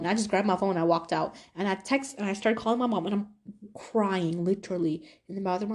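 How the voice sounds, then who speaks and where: A woman's voice: mid-range voice, fast talker. A young woman hosting a podcast, telling a personal story in a chatty, casual way, full of fillers and quoted back-and-forth. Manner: chatty, animated retelling with quoted voices and fillers. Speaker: podcast host.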